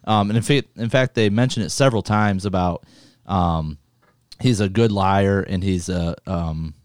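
A man co-hosting a podcast, chatting casually about a movie in an easygoing way, often chuckling and pausing on "um". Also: sits low, clean tone, no echo, clean studio sound. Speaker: podcast co-host. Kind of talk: casual movie-discussion chat.

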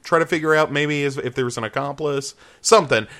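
A man co-hosting a podcast, chatting casually and jokingly about a film, laughing and putting on quick voices for the characters. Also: on the high side. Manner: animated, laughing, jokey asides and quoted voices. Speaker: podcast co-host. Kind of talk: casual movie review chat.

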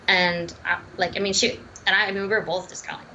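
Woman, podcast guest, chatty, animated storytelling, gravelly, tense bright tone, slightly lo-fi sound. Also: mid-range voice, quick pace, hardly any pauses, slight background noise. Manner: chatty and animated, with frequent fillers, restarts and laughs. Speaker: guest, dietitian and ultramarathon runner. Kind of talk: casual podcast interview storytelling.

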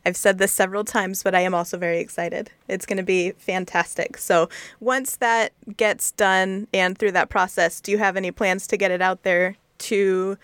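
A woman's voice: medium pitch, fairly even intonation, moderate pace, few pauses, a bit bright, clear, resonant tone, dry recording. A woman hosting an interview, friendly and enthusiastic, with frequent affirmations. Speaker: podcast host. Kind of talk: casual interview.

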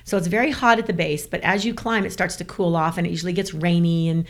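A woman from the American South, a guest telling a story in casual chat, animated and laughing often. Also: lowish voice, fast talker.

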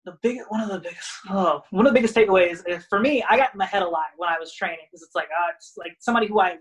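A man's voice: high-pitched, very fast, poor audio. Rambling young man chatting loosely. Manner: rambling, heavy use of "like", animated retelling. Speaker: guest wrestler. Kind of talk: casual podcast chat.

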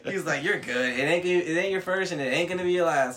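A young man, telling a story in casual chat, animated and swearing a lot. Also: fairly high pitch, fast talker, crowd noise.

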